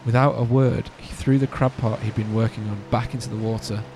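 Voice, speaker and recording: A man's voice: on the low side, brisk. Man reading a story over music. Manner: animated, joking asides between narration. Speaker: podcast host reading a story. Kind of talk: casual storytelling read-aloud.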